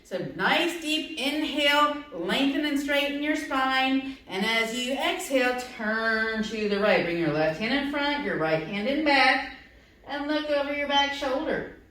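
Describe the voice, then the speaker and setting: A high-pitched woman leads a playful, encouraging kids' yoga class. Her voice rings through a very echoey room. She stands a little away from the mic. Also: a little slow, a bit bright, recorded from a distance. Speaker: yoga instructor.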